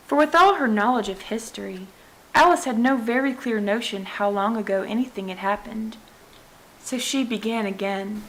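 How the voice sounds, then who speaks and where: A woman narrating a classic children's book aloud in an even, clear storytelling voice. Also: medium pitch, normal speed, rough recording. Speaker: audiobook reader.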